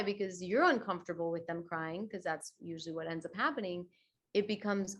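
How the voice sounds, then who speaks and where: A woman yoga teacher talking in a podcast interview, chatty and expressive, acting out quoted voices with big swings. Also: medium pitch, moderate pace. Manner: chatty, many fillers like "you know" and "right". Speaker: guest yoga teacher and teacher trainer.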